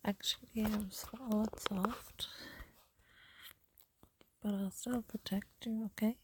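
A woman in a whispered role-play as a girlfriend, softly soothing and reassuring the listener. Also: medium pitch, fairly even intonation, takes it slowly, slight background noise.

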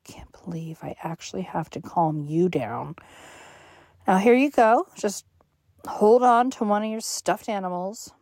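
A woman voicing a cruel, contemptuous, domineering young woman in an audio role-play, with heavy sighs and hushed asides. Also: a little high, a little slow, dry recording, studio quality, lightly acted. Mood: scornful.

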